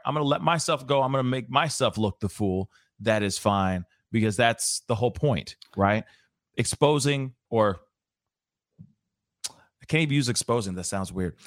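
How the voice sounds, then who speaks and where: A laid-back male host chats in slangy, easygoing speech and jokes as he corrects himself. His voice sits at a middle pitch. It is recorded dry, with no room sound. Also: fairly bright tone, no echo. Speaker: podcast host. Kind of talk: casual chat.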